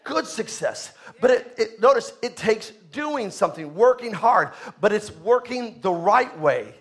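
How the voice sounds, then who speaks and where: A man's voice: high voice, sing-song, measured pace. A man preaching a sermon as pastor, emphatic, repeating key phrases and calling on the congregation to respond.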